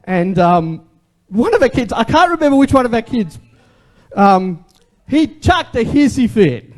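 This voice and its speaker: Animated high-voiced preacher. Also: male voice, unhurried. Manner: animated, conversational, asks the congregation questions. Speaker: pastor. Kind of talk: sermon.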